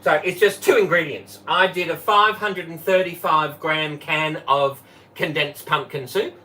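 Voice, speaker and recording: A man's voice: on the high side, steady tone, unhurried, pushed and bright. A man hosting a live cooking stream from his kitchen, chatting and greeting viewers by name. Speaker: livestream host and former Tupperware manager. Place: home kitchen. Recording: voice from a distance off the mic.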